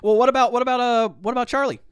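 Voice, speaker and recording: A young man hosting a casual livestream chat, animated and quick to laugh. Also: very high voice, smooth, dry recording, studio quality. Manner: animated, laughs often, breaks into mock singing. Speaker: host.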